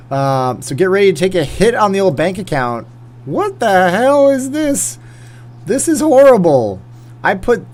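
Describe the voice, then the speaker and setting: A man's voice: medium pitch, slight background noise. A man hosting a live stream, casually narrating his gameplay with a joking, wry manner and thinking aloud as he plays. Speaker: host.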